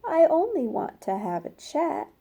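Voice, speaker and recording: A woman voicing a sly, hungry male wolf in a children's story, slow, low and coaxing. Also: sing-song, dark tone, heavily acted.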